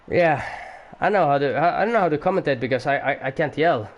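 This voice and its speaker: A man doing amateur commentary on a sim race at home, excitable at times, swearing now and then, and keeping his voice down for the neighbours. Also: on the high side, fast talker, few pauses, a little hiss or hum. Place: home room.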